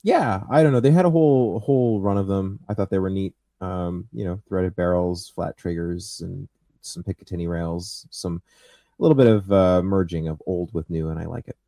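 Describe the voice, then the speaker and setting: A man's voice: low voice, moderate pace, mellow, dry recording, clean studio sound. An easygoing man co-hosting a podcast, chatting and joking casually, from Canada. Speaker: podcast co-host. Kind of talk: casual chat.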